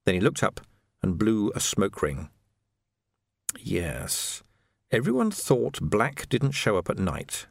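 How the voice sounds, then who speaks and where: Male audiobook narrator, lively pitch, mid-range voice, dry booth sound. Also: normal speed, vocal fry, no room sound. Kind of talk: scripted narration.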